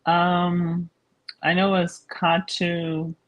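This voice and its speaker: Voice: mid-range voice, monotone, extremely slow, lo-fi sound. A student in an online language lesson, asking questions hesitantly and carefully.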